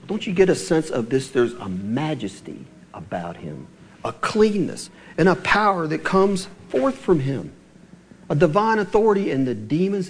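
A man preaching a sermon as pastor, telling stories and putting questions to the congregation. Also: high voice. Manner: animated storytelling with questions to the congregation. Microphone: church sermon recording.

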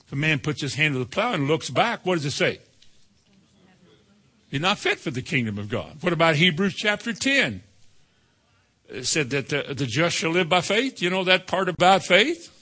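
A man preaching a sermon in a folksy, animated way, breaking into sudden high exclamations. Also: normal speed. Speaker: pastor.

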